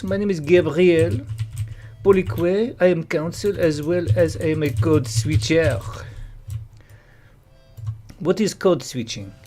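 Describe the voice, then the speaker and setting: A man's voice: sits high, darkish tone, voice pushed up. A man doing a pompous mock lawyer. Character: mock pompous male lawyer, broken English.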